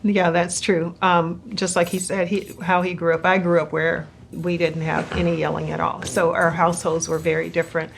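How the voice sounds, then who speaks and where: A middle-aged woman, a pastor's wife, speaking gently and softly with frequent laughter in a conversational Q&A about marriage. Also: fairly low pitch, level tone, moderate pace, vocal fry, hardly any pauses, a little hiss or hum.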